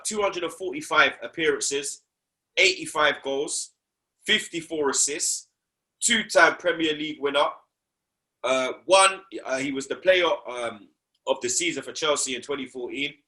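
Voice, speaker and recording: A man's voice: on the high side, normal speed, pushed and bright. A young man, talking football on a casual podcast, slangy and repeating himself for emphasis.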